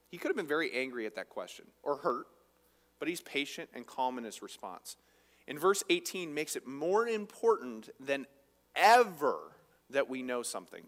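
A man's voice: medium pitch, long reverb tail. A man preaching a conversational sermon as a pastor, often asking his listeners rhetorical questions.

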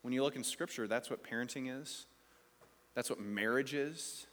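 A man's voice: mid-range voice, moderate pace, fairly bright tone, big-room sound. A man preaching a sermon in a conversational, playful way, asking the congregation questions. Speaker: pastor.

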